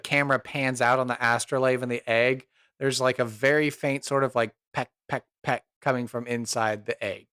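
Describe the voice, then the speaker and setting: A man's voice: mid-range voice, fairly even intonation, normal speed, hardly any pauses, pushed and bright. A man narrating a tabletop game as game master, rambling and upbeat with lots of fillers.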